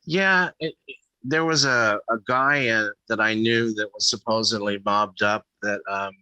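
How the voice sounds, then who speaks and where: Halting comedian with a bright, dry voice. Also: male voice, on the low side, clear, resonant tone, dry recording, rough recording. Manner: halting, full of restarts and fillers, profane. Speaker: guest, comedian. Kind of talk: casual chat.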